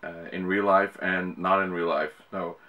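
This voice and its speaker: A low-pitched, level, bright and forceful male voice, a little slow, belongs to a middle-aged YouTuber from the Netherlands. He speaks English with an American-sounding accent and rambles casually to camera, full of fillers and restarts.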